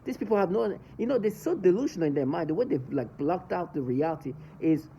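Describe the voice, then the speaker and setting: A man's voice: on the high side, expressive, fast, gravelly, few pauses, dull audio, slight background noise. A man ranting angrily in a monologue to camera, cursing and agitated. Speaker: vlogger.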